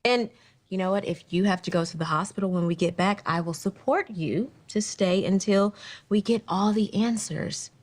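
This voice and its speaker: A woman's voice: mid-range voice, moderate pace, lightly acted. A woman playing a coaxing, doting wife. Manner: coaxing, reassuring. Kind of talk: soap opera acting. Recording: clip with faint music underneath.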